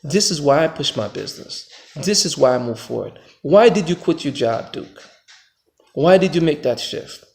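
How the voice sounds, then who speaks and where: A man's voice: animated, normal speed, creaky. An American man and father giving an emphatic, preachy motivational monologue as a vlogger. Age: adult father. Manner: emphatic, preachy, swings between loud pushes and low reflective stretches.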